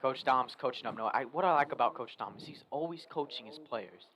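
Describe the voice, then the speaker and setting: A man's voice: medium pitch, brisk, noisy background. A young man doing chatty, lightly joking play-by-play commentary for a school basketball game. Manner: chatty, lightly joking, talks while eating. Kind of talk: local sports commentary.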